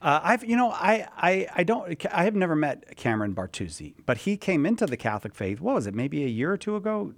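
Male radio host, call-in talk, animated pitch, dry close sound, teasing manner. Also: dry recording. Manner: brisk, teasing, repeats the phone number.

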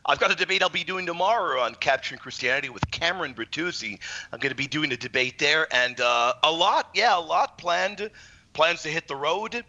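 A man's voice: on the high side, a little fast, pushed and bright, muffled recording. A man guesting on a radio show, explaining his faith confidently and energetically. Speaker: guest apologist. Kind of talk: explaining and debating.

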